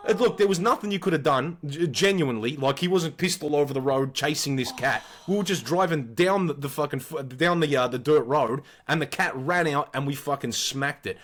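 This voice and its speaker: An Australian man in his forties tells stories in a casual, animated way, peppered with swearing. His voice sits a little high for a man, and his delivery is blunt and lively. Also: fairly quick, few pauses, a little hiss or hum. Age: 40s. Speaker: podcast co-host. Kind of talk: casual storytelling.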